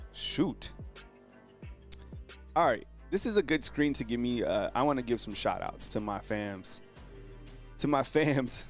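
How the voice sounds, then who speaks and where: Animated man with a lively pitch. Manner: animated, exclaims and addresses viewers as fam; slangy, filler-heavy delivery. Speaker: sports show host. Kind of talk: casual live-stream commentary.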